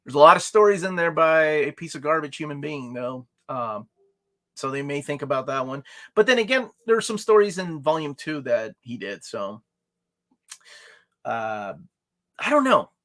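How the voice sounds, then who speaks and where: Male host, animated delivery with a wide-swinging pitch, casual and joking. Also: moderate pace. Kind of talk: casual live-stream chat.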